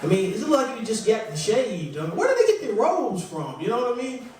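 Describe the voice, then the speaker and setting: A high-voiced man works through a stand-up set in a small club, rambling and chatty and quick to laugh at himself. He sounds a little distant from the mic, and the room's echo hangs heavily around every line. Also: sing-song, a little hiss or hum. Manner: rambling, conversational, self-deprecating. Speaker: stand-up comedian. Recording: echoey room, voice from far off.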